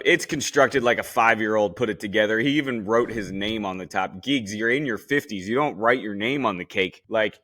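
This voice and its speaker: Guy doing a podcast recap, bright voice, blunt and swears a lot, pretty animated. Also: medium pitch. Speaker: podcast host. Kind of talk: casual recap commentary.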